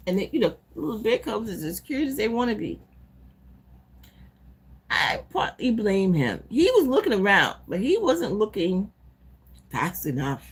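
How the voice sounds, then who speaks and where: A woman live-streaming casually, retelling a movie in an animated, profane, rambling way. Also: mid-range voice, husky. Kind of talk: casual chat recapping a movie.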